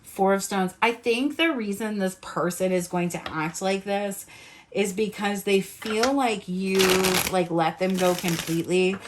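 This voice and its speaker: A woman with a New England accent doing a casual tarot reading to camera, animated, acting out the lines she imagines people saying and swearing freely. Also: medium pitch, a little slow, slight background noise. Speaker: tarot reader.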